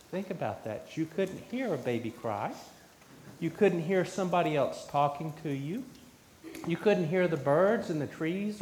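A man giving a children's sermon in church, questioning the children as he talks. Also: high voice. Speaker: pastor. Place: church sanctuary. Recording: echoey church with faint room noise.

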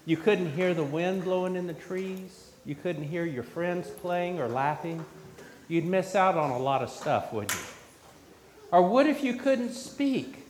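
A man leads a children's sermon and keeps asking the kids questions. His voice sits a bit high and rings through an echoey church, with a faint hum of room noise behind it. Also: lively intonation, a little slow. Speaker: pastor. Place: church sanctuary.

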